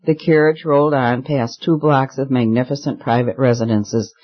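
A man narrating a novel in a steady, measured way. His voice sits at an ordinary middle pitch. The recording sounds slightly muffled and dull. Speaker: audiobook narrator. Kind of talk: scripted narration.

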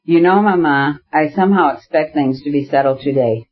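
A man reading the part of an eager, excited young noblewoman in an audiobook. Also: on the high side, a little fast, lo-fi sound, natural voice. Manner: eager, gushing.

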